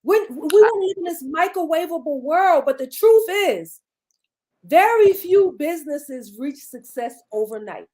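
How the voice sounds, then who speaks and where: A woman's voice: very high voice, lively intonation, a little slow, warm tone. A middle-aged woman guest, a beauty coach, giving encouraging, repetitive pep talk with a preachy cadence. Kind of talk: casual motivational chat.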